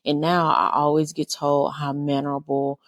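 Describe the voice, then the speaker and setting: Low-voiced opinionated woman podcast host. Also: little pitch movement, normal speed, dry recording, clean studio sound. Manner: candid, opinionated, full of rhetorical questions. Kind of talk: casual monologue.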